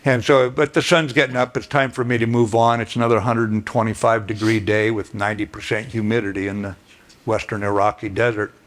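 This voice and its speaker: An older man giving a plainspoken, folksy storytelling speech as guest speaker, clearing his throat now and then. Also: on the low side, flat delivery, a little fast, fairly bright tone. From United States.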